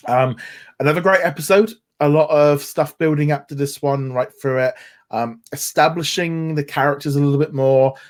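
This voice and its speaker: A man's voice: a little high, moderate pace. A man co-hosting a podcast, chatting casually and enthusiastically with many restarts and fillers. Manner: enthusiastic, rambling with frequent restarts. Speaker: podcast co-host.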